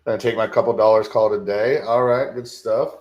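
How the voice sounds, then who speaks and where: Man, low voice, casual live trading commentary, restarts often, roomy echo. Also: steady tone, a little fast, a little mellow, highs cut off. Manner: casual, thinks aloud, repeats words. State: sleepy, yawning. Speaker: livestream futures trading host.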